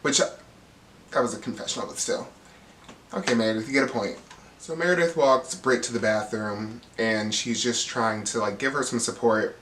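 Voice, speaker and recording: A man giving a gossipy, animated recap of a reality TV episode, acting out the cast's lines with bursts of laughter. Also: medium pitch, normal speed, echoey room, recorded from a distance, a little hiss or hum. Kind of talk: casual recap commentary.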